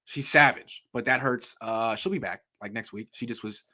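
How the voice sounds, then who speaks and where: A man's voice: mid-range voice, bright, forceful tone. A man hosting a sports talk show, chatting casually and reading out viewer comments. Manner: quick, casual, reads viewer comments aloud. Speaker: podcast host.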